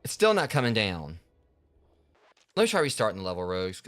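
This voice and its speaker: Man live-streaming gameplay; rapid, somewhat low voice, frustrated but apologetic. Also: huge pitch swings, a bit bright. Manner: frustrated, apologetic, talks to chat. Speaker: game streamer. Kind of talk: casual live gameplay commentary.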